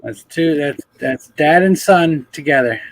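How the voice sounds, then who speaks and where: A man hosting a reptile breeder's live stream, chatting with callers in loud, teasing, swearing banter. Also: fairly high pitch, measured pace, dry recording, poor audio. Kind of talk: casual chat with callers.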